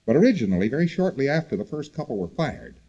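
A man's voice: mid-range voice, quick pace, breathy edge, highs cut off. A man giving a recorded lecture to students, talking in a loose conversational way and repeating words for emphasis. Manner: conversational, repetitive, animated emphasis.

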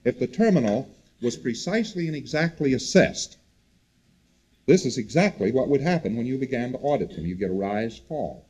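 A man gives a recorded lecture to students, speaking in a loose, conversational, animated way and repeating words for emphasis. His mid-range voice is a little fast and slightly rough, and the audio is poor.

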